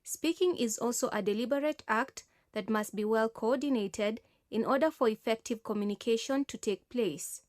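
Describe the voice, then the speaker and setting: Clear, high-voiced woman narrating a lesson. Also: a little mellow, no room sound, studio quality. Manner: measured, instructional.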